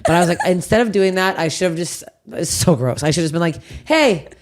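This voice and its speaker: Woman host, casual podcast chat, profane and animated. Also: on the low side, fast. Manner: profane, animated storytelling with quoted outbursts.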